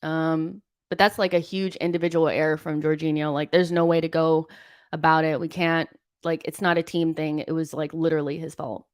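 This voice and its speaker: Low-voiced and flat in delivery, a young woman speaks at a normal speed while hosting a live football watchalong, venting her exasperation and reading out messages from viewers. Her tone is smooth, and the studio-quality recording has no room sound.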